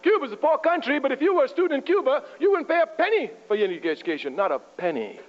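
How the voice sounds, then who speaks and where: Fiery high-voiced man giving a speech. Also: sing-song, quick pace. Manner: fiery, rhetorical, chuckles at own jokes. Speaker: public speaker addressing university students. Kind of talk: impassioned political speech. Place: university lecture hall. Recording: muffled archival tape with mains hum.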